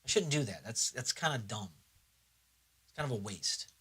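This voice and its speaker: A man's voice: mid-range voice, lively intonation, normal speed, pushed and bright, slightly rough. A young man chatting casually on a livestream, rambling and swearing, sometimes talking himself through his computer setup. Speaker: streamer.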